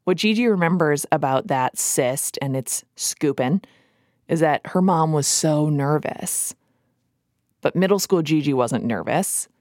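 A woman's voice: deep voice, lively intonation, a little slow, darkish tone, dry recording, clean studio sound. A woman with a Minnesota accent, hosting a podcast and narrating a scripted story in a wry, playful way. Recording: music bed under the voice.

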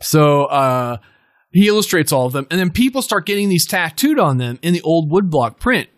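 A man's voice: a little high, big pitch swings, normal speed, no room sound, clean studio sound. A man in casual podcast chat, rambling and filling his talk with "like" and self-corrections.

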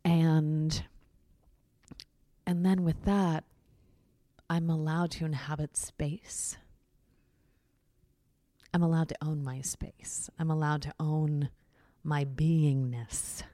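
A woman's voice: low voice, steady tone, slow, long pauses, mellow, no echo. A woman talking frankly in a candid conversation, swearing freely and acting out what other people say. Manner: frank, swears freely, acts out quoted voices.

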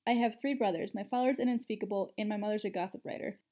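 A woman voicing a sharp, teasing teenage schoolgirl witch with a brisk manner, in a storybook reading. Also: mid-range voice, fairly even intonation, lightly acted.

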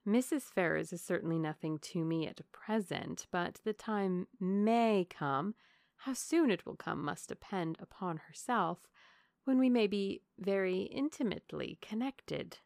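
A fawning young lady, put on by a woman reader, confides in a gushing, wheedling tone. Her voice sits low with a gravelly edge, recorded dry and close. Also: animated, a little slow, darkish tone, no echo. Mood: confiding. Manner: gushing, falsely humble, wheedling.

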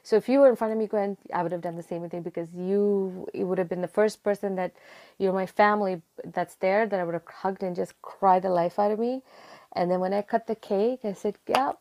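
A young woman telling a personal story in conversation, acting out her own past words with rising excitement. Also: mid-range voice, brisk. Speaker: interview guest.

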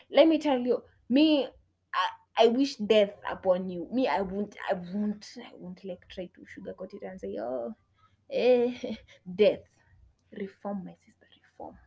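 An outspoken young woman venting her views straight to camera. Her speech lurches from sharp, loud bursts down to near-whispered muttering, peppered with curses and Swahili phrases. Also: animated, a little slow, breathy edge. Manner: outspoken, swears a lot, switches between English and Swahili; swings from loud outbursts to low muttered asides. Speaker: vlogger. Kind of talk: casual opinion rant.

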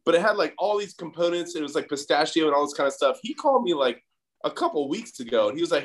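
A middle-aged man in casual chat, chiming in with laughs and quick stories. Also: fairly high pitch, sing-song. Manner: chimes in, laughs, tells quick anecdotes.

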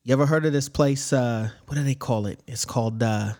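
A boastful, not-too-bright Southern man who lives in a basement, played by a man. He rambles, hunts for words and brags about dubious achievements in an improvised comedy chat. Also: mid-range voice, brisk, close to an everyday voice. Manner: rambling, loses his words, defensive bragging.

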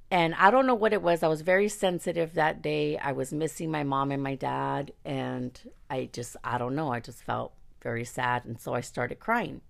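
Low gravelly woman telling a story. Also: normal speed, hardly any pauses. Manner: candid, profane, animated, laughs often. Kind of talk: casual personal storytelling.

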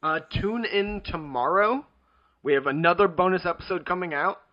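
A man's voice: high-pitched, moderate pace, muffled recording. A man co-hosting a podcast, rambling casually with lots of fillers and fumbling, bothered by hiccups. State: hiccups and burping. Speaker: podcast co-host.

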